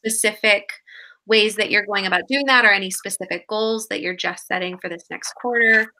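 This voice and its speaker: A woman hosts a live online workshop for writers in a casual, rambling way, with plenty of "like" and "um". Her tone is bright and forward, with a touch of morning huskiness. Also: medium pitch, normal speed. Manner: chatty, lots of "like" and "um" fillers. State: morning voice, slightly husky. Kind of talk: casual live video chat.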